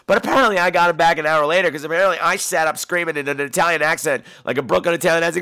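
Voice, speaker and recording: A man's voice: a little high, quick pace, creaky, no echo, studio quality. A man hosting a podcast in a casual monologue, telling stories in a campy, theatrical way and swearing freely. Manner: animated, profane storytelling. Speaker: podcast host.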